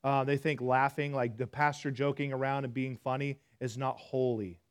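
A man preaching a sermon in a church, talking to the congregation conversationally, self-deprecating, swinging from hushed to loud. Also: mid-range voice, little pitch movement, moderate pace, clear, resonant tone. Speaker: pastor.

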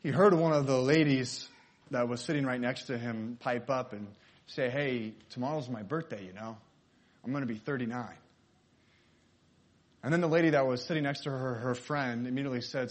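A man's voice: medium pitch, brisk. Man telling a sermon story. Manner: acts out the characters' lines in the story. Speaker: preacher.

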